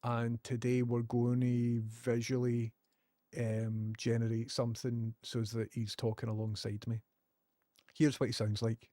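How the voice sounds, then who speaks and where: A man's voice: medium pitch, completely flat delivery, unhurried, mellow, no room sound, clean studio sound. A Scottish man chatting casually on a live stream, joking and laughing often.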